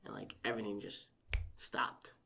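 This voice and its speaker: Young man, podcast guest, casual storytelling, animated, acts out quotes. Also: moderate pace.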